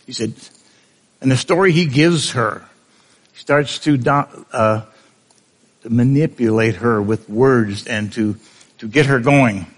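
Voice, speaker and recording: A man's voice: medium pitch, slow pace, long pauses. A male preacher giving a conversational sermon, often asking the congregation questions.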